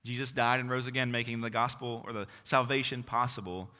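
A man's voice: medium pitch, steady tone, a little fast, bright, forceful tone. Earnest preacher man in a reverberant hall. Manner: earnest, repetitive exhortation with frequent restarts. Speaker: pastor. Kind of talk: sermon.

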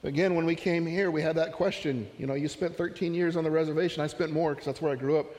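Man, pastor, relaxed storytelling sermon, slightly higher voice, reverberant church sound. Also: fast. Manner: conversational, storytelling with asides and humor.

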